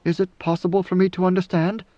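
A man's voice: sits high, little pitch movement, fast talker, warm tone, no echo, pitched above the performer's own voice, lightly acted. A man reading an audiobook and voicing a devoted, fearful young woman who speaks faintly and hesitantly. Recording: dull lo-fi dry recording.

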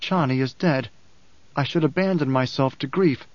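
A man's voice: medium pitch, normal speed, darkish tone, no echo, natural voice. A man reading a grave young ruler. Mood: grieving. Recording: dull, dry audiobook sound.

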